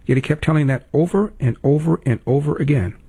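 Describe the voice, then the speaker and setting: A man's voice: on the high side, a little fast, mellow, breathy edge. A man hosting a talk show, delivering indignant political commentary with emphatic repetition. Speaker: talk radio host.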